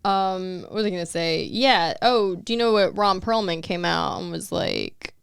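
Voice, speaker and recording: A woman's voice: lowish voice, sing-song, moderate pace, vocal fry, clean tone, no room sound. A woman hosting a podcast in casual, profane, wry chat, reading articles aloud into a close mic. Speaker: podcast host.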